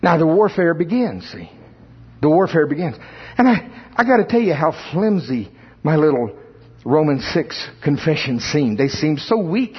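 Preacher guy telling a funny story from the pulpit, kinda husky, dull lo-fi sound. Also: fairly high pitch, normal speed. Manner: humorous, animated storytelling. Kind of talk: sermon testimony.

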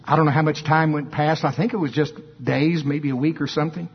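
A male preacher telling a story in an emphatic, animated sermon, with asides to the congregation. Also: a little high, brisk, breathy edge. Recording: dull lo-fi sermon recording.

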